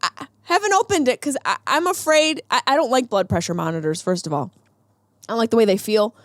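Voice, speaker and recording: A woman's voice: a little high, lively intonation, brisk, dry recording. A woman podcast host in a comedic monologue, ranting animatedly with rhetorical questions.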